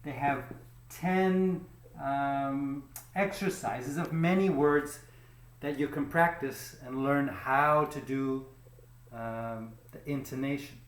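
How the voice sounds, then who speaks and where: A man's voice: medium pitch, slow pace, echoey room, low-quality recording. A man teaching a pronunciation lesson, speaking patiently, repeating words and checking in with "okay?". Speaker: English teacher.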